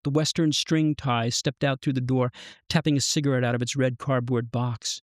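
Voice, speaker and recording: A man reading his own short story aloud in measured, even narration. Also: medium pitch, no room sound, clean studio sound. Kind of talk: literary fiction reading.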